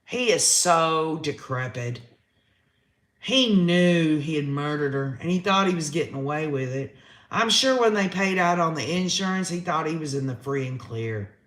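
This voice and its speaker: A man's voice: on the high side, lively intonation, moderate pace, a bit bright, roomy sound. A man hosting a live-stream trial recap, reading chat comments aloud and reacting with emotion. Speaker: host.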